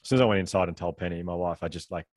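A middle-aged man, a guest and author telling a candid story in a fast, rambling way, restarting his sentences often. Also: deep voice, dry recording, studio quality. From Australia.

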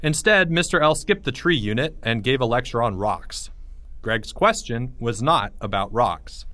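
A man reading a children's story aloud in a playful, expressive way. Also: mid-range voice, measured pace, no echo. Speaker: narrator.

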